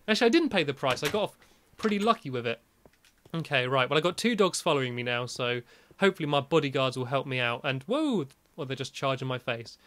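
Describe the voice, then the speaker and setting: A man's voice: fairly high pitch, fairly bright tone. A young British man chatting casually as he commentates his own gameplay, rambling and friendly. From Britain. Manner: chatty, rambling, shrieks when scared. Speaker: gaming YouTuber.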